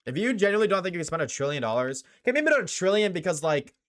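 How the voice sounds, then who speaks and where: Slangy young man streaming, high voice. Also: very animated, very fast, fairly bright tone. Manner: slangy, swears often, talks to chat. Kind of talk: casual live-stream chat.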